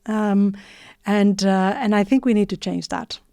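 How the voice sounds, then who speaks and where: A woman giving a reflective motivational talk in short phrases with frequent pauses and non-native English phrasing. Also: medium pitch, gravelly, dark tone, no room sound, clean studio sound. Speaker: motivational speaker.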